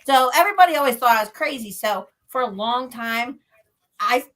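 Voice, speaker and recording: A woman's voice: a little high, expressive, moderate pace, a bit bright. A woman from Pennsylvania, a paranormal investigator, chatting as a guest in a casual interview and laughing often as she tells stories.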